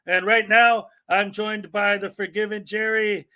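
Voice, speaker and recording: A man's voice: high voice, little pitch movement, a little slow, bright, forceful tone. A man from Chicago with a Chicago accent, hosting a casual live-stream chat in a chatty, jokey way. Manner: chatty, jokey, laughs often. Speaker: show host.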